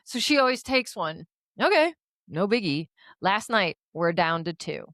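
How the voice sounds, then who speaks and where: A woman's voice: mid-range voice, very animated, measured pace, fairly bright tone, dry recording. A woman co-hosting a podcast, telling a story in casual chat, acting out the dialogue, swearing and laughing often. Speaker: podcast co-host.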